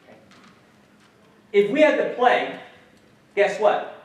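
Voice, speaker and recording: Animated male lecturer in an echoey hall. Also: high voice, unhurried. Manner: animated, questions the audience, swears casually. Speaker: guest speaker, educator. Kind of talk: public lecture. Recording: echoey hall, mic some distance off.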